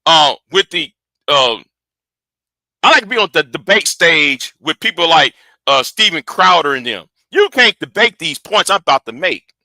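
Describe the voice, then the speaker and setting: A man hosting a live reaction stream, his voice high and swooping up and down. The tone is bright and sharp, and the sound is dry and close. He talks excitably, repeating words as he builds up to a point. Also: moderate pace, no echo.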